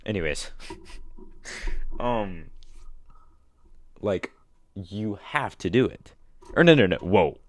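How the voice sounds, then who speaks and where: A man's voice: low voice, slow pace, pauses often. A young man rambling casually to a listener in a slangy way, bursting out now and then. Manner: slangy, rambling, animated outbursts. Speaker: vlogger.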